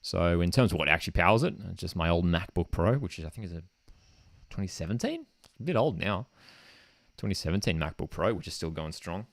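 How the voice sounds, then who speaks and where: A man's voice: sits low, animated, brisk, no room sound. A man hosting a live football watchalong, casual and enthusiastic, often saying "man". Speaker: football streamer and host. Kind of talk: live match watchalong commentary. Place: home streaming desk setup.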